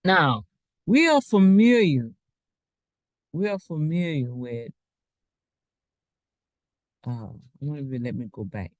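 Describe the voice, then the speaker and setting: A man's voice: medium pitch, lively intonation, slow, long pauses, fairly bright tone, no echo. A man giving a casual, rambling online talk as a financial coach, preaching with asides while sharing his screen.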